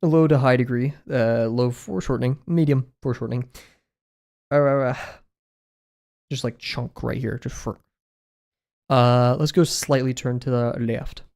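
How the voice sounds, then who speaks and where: A man's voice: medium pitch, steady tone, normal speed, creaky, long pauses, a little mellow. A man chatting casually while drawing on a livestream, rambling with frequent laughs and fillers. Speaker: streamer.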